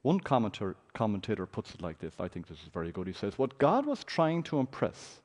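A man's voice: fairly low pitch, very animated, brisk, a little mellow. A man preaching a sermon, reading scripture aloud with a dramatic, raised voice.

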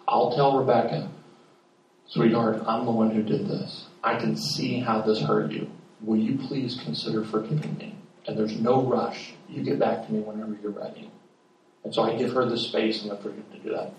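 A man's voice: mid-range voice, darkish tone, highs cut off. A middle-aged man preaching a sermon in a conversational storytelling way, acting out family conversations. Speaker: pastor. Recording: echoey room, mic at a distance.

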